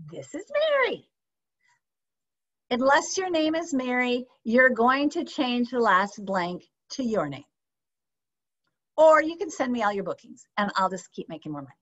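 A woman teaching a sales training session, lively and often checking in with her audience with questions. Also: high voice. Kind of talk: training session on a video call. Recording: slightly dull lo-fi sound.

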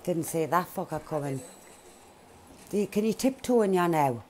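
A young woman swearing and laughing through excitable live commentary on her own game. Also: lowish voice, normal speed, a little hiss or hum. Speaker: gaming streamer.

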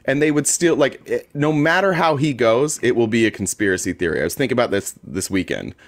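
A man's voice: mid-range voice, lively intonation, fairly quick. A man co-hosting a casual political talk show, sarcastic and swearing freely as he mocks what he watches. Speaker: co-host.

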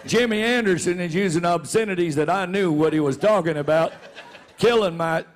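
A man's voice: high-pitched, a little fast. A man and show regular telling a funny story in a folksy way, laughing as he goes. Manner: folksy, laughs through his own story. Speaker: rodeo announcer and show regular. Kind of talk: comic storytelling.

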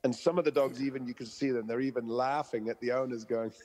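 A man's voice: mid-range voice, steady tone, fast talker, a little mellow, long reverb tail. A man, a dog trainer being interviewed, who explains through stories and analogies and acts out the people he quotes. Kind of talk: interview conversation.

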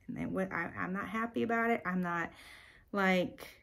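A woman podcast host telling a personal story in a chatty, animated way, with sighs and filler words. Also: medium pitch, moderate pace, gravelly.

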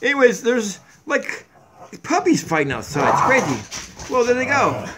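A man in his forties rambling in a jokey, excitable way on a comedy vlog, recorded on a tablet mic in a home kitchen. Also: very high voice, normal speed, heavy background noise. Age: 40s. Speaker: vlogger. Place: downstairs home kitchen, on a barstool. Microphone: tablet camera mic.

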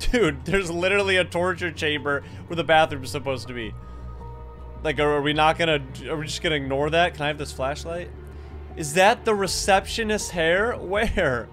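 A young man giving excitable, chatty gameplay commentary and talking straight to his viewers. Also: fairly high pitch, normal speed, soft background music. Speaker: gaming YouTuber.

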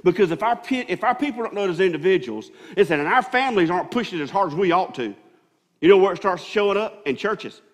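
Man, pastor preaching, high voice, long hall reverb. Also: lively intonation, fast talker. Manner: preaching with many restarts and rising emphasis. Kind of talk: sermon. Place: church sanctuary.

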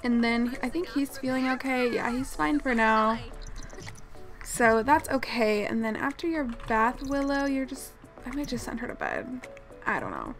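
A woman hosting a gaming channel, chatting casually through gameplay in an excitable way with frequent exclamations. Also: fairly high pitch, normal speed, faint music behind.

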